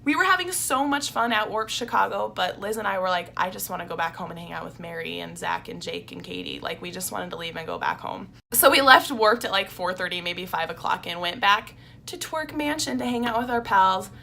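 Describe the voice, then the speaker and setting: Young woman vlogging, rambly, lots of "like", kinda emotional, bit of fry in her voice. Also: medium pitch, lively intonation, a little fast, pushed and bright, slight background noise. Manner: chatty, heavy use of "like", openly emotional. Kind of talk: casual storytelling vlog.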